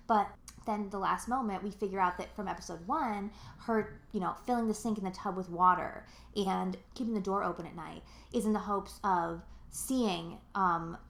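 A woman's voice: medium pitch, moderate pace, vocal fry. A woman in her twenties co-hosting a podcast, chatting casually in a rambling, filler-heavy way, swearing freely and getting emotional. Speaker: podcast co-host. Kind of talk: casual chat. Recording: roomy echo.

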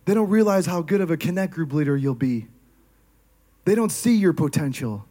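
A preacher voicing the sly, coaxing whisper of the flesh during a sermon. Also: male voice, fairly high pitch, expressive, normal speed, dark tone, voice pushed down.

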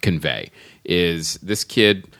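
Deep-voiced man, dry and close. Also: slow, dry recording. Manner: calm, explains with short agreeing interjections. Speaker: podcast guest. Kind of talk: casual film discussion.

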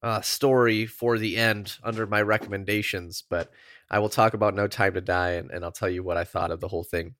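Lower-voiced man, lively podcast host, laughing asides, dry close sound. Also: brisk, dry recording. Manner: animated, laughing, rambling asides. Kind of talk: casual chat.

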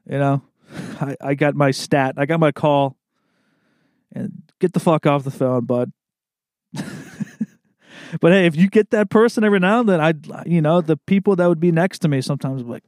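A man's voice: a little high, a little fast, a little mellow, no room sound, studio quality. A man hosting a podcast in casual chat. He talks loosely, swears often and laughs a lot. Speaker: podcast host.

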